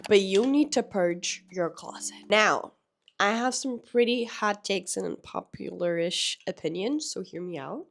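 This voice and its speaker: A young woman fashion vlogger with a hoarse, cracking voice from being sick, chatting casually and opinionated to camera. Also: on the low side. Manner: chatty, opinionated, lightly joking.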